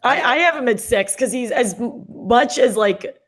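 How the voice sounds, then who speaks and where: A woman's voice: fairly high pitch, moderate pace. A woman co-hosting a podcast in casual chat, making wry, teasing quips. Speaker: podcast co-host.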